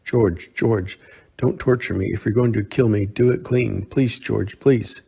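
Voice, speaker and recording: A man reading aloud, voicing a frightened young woman who pleads for her life, raising his gravelly voice. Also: a little slow, warm tone, heavily acted. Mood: pleading. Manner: pleading, shrill with fear.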